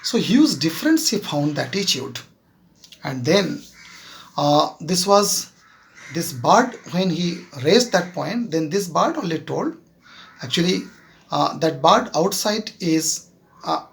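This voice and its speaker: A man with an Indian English accent, a teacher slowly retelling a moral story to his students and often checking with them. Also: on the high side, very animated. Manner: keeps checking with "Clear?"; slow, halting retelling with fillers. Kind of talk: classroom storytelling lesson.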